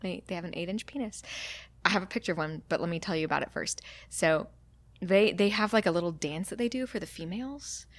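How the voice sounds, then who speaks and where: Excitable woman co-hosting a chat. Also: on the low side, quick pace, no room sound. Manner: excitable, laughing, explaining animal facts. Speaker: podcast co-host. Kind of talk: casual chat.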